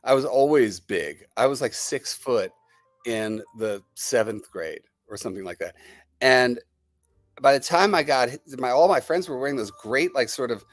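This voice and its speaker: A man hosting a live stream talks to his viewers in a rambling, enthusiastic sales patter. His voice sits at an ordinary middle pitch and is recorded close and dry, with faint music underneath. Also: lively intonation, normal speed, no echo. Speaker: host. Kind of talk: live-stream product chat, answering viewer comments.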